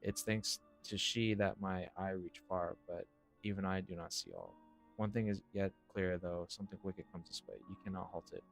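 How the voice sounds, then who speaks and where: A man doing a hushed, ominous seer. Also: low voice, animated, vocal fry, soft background music. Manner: hushed, slow, archaic phrasing. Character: cryptic male seer, solemn and ominous.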